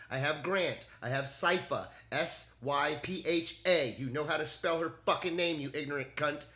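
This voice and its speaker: A man in a furious casual rant at an AI chatbot, swearing nonstop and spelling out names slowly. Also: fairly high pitch, pushed and bright. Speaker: gamer venting at an AI chatbot.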